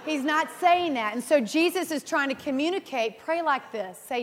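A woman in her thirties preaching a sermon, earnest and animated, telling personal stories and laughing at herself. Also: high voice, moderate pace, hardly any pauses. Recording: reverberant hall.

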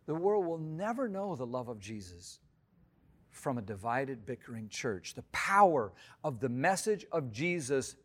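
A man preaching a sermon in an earnest, emphatic way, swinging between loud, stressed rises and hushed, quiet drops. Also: mid-range voice, very animated, a little slow. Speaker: pastor.

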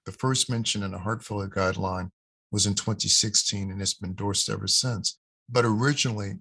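A man with a lowish, husky voice speaks as a cardiology expert in an interview. He explains in a measured, emphatic way and repeats key points for stress. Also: fairly bright tone. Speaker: cardiologist guest, guideline author.

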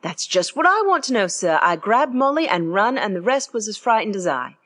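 A woman's voice: sing-song, normal speed, a bit bright. A woman reading aloud and voicing a young Cockney bellboy who peppers his speech with "sir". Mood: earnest. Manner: dropped grammar, constant "sir", higher pitch.

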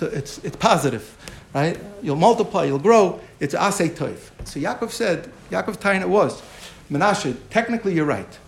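A man's voice: fairly high pitch, vocal fry, a little hiss or hum. A man giving a Torah class lecture as the teacher, explaining through a parable and often repeating and restarting his phrases.

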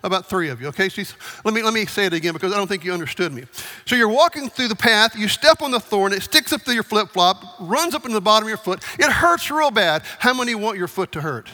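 A male preacher with a high, bright voice talks easily with his congregation and keeps asking them questions. The sound carries the long reverb of a large hall. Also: quick pace. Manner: asks the congregation questions, conversational. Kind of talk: sermon.

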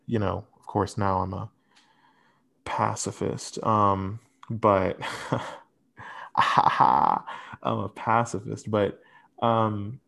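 A young man with a fairly low voice chats as a podcast co-host. He tells personal stories candidly and swears freely, loose and conversational. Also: very slow, gravelly, pauses often. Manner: candid, profane, animated storyteller. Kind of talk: casual personal storytelling.

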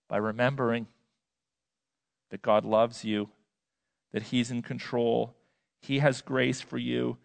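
A male pastor preaching a sermon, emphatic, swinging between loud and quiet and repeating words for effect. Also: medium pitch, flat delivery, slow pace, creaky, pauses often. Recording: long hall reverb.

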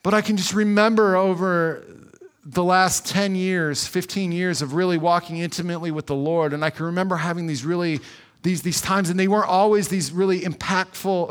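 A man preaching a sermon in an earnest, conversational way, slowing down for emphasis. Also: sits high, steady tone. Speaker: pastor.

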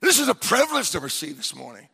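A man preaching a fervent sermon at a church service, breaking into shouts and rambling through personal stories with many asides. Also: high-pitched, wildly swooping pitch, fast talker, creaky, husky, in a large hall. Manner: storytelling with many asides and restarts. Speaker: visiting missionary preacher.

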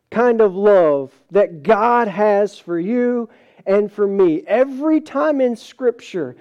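A male pastor preaching a sermon, telling stories with lively acted-out quotes and a pace that speeds up and slows down. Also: very high voice, muffled recording. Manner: animated storytelling, acts out quoted voices, varied pace.

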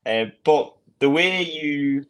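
A man's voice: fairly high pitch, animated, slow, a bit bright, clean tone. A man co-hosting a podcast in casual chat, explaining his points with examples. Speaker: podcast co-host.

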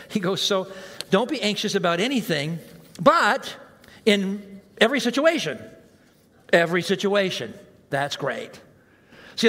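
A man preaching a sermon as pastor, animated and self-mocking, acting out the reactions he quotes. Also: high-pitched. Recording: long hall reverb.

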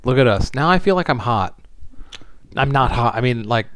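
Loud, rambling male podcast co-host. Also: medium pitch, expressive, moderate pace, clean tone. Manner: chatty, rambling, many fillers and restarts. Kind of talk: casual chat.

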